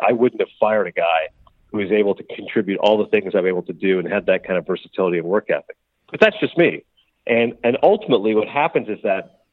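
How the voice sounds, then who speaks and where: A middle-aged man from Canada, a sports broadcaster chatting as a guest in an interview, who talks quickly and acts out the dialogue he quotes. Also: on the low side, dry recording. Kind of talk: casual interview chat. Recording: tinny phone-like line.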